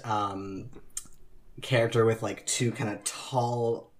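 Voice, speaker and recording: A low-voiced man playing a tabletop game. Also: steady tone, unhurried. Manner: casual, hesitant, many fillers.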